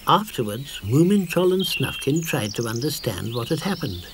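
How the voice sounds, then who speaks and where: An older British man narrating a children's cartoon in a measured storytelling manner. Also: mid-range voice, sing-song, noisy background. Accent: British English. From Britain. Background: music.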